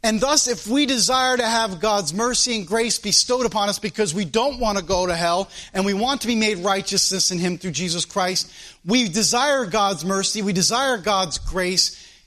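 A man with a notably high-pitched voice preaches an emphatic sermon. He drives his points home with rhetorical questions and repeats phrases for weight. He is an American preacher addressing his congregation. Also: moderate pace, a bit bright.

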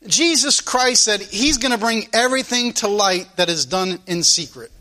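A man's voice: high-pitched, animated, moderate pace, few pauses, pushed and bright. A man preaching a sermon to his congregation, fervent and repetitive, stretching out key phrases for emphasis. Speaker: pastor.

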